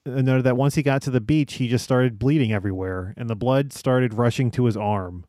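Young male podcast host, mid-pitched, dry recording, reads odd news with halting "uh" pauses. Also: mellow, no echo. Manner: reads stories with frequent "uh" pauses, breaks into laughs. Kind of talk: comedic news-reading podcast.

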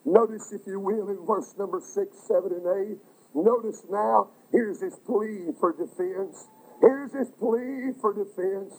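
A man preaching a fervent sermon, crying out at times and filling pauses with "uh". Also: high-pitched, a little mellow, slightly rough, low-quality recording. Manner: fervent, breaks into cries, many "uh" fillers.

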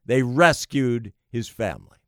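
A man delivering an emphatic political monologue, slow and deliberate, piling up phrase after phrase. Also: mid-range voice, a bit bright, no echo, studio quality. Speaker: political commentator.

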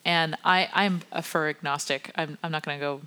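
A woman's voice: low-pitched, fairly even intonation, normal speed, sharp tone, clean tone. A woman co-hosting a podcast in casual chat, talking in close detail and laughing often. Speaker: podcast co-host.

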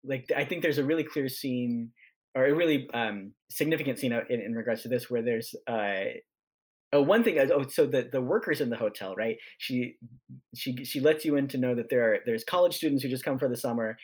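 A man appearing as a podcast guest, talking excitedly about a book, restarting sentences and running into tangents. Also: mid-range voice, brisk. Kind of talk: casual book discussion.

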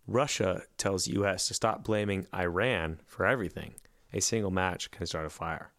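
A man reads news headlines aloud on a casual podcast and cracks jokes about them. His voice sits fairly low, and the sound is dry and close, with no room echo. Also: moderate pace, a bit bright. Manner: reads headlines aloud, then laughs and quips. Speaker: podcast co-host reading headlines.

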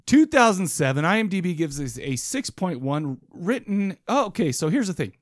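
A man's voice: high-pitched, big pitch swings, normal speed, no room sound, studio quality. A man co-hosting a podcast, telling a rambling story in casual banter with lots of restarts. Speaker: podcast co-host.

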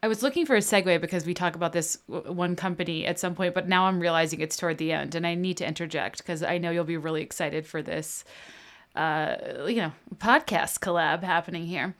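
A woman's voice: on the low side, fairly quick. A woman hosting a podcast, chatty and self-deprecating, reading an ad in her own casual way. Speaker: podcast host. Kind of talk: podcast chat and host-read ad.

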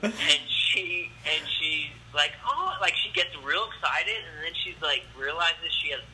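Guy telling a story on a podcast, really bright sharp voice, acts out all the voices. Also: a little high, measured pace, slight background noise, rough recording. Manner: animated, acts out the voices in his stories. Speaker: guest comedian.

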